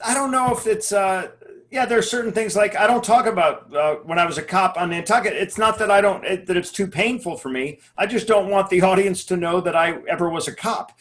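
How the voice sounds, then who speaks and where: A man with a high voice talks in a casual comedy chat. He hesitates and fills his pauses, and his thoughts come out carefully. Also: a bit bright.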